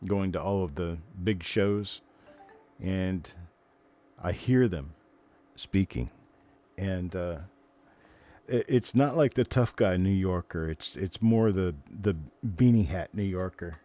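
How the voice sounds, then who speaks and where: Low, mellow-voiced older man. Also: takes it slowly. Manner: rambling, chatty, greets and answers viewers. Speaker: live stream host. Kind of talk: casual live stream chat.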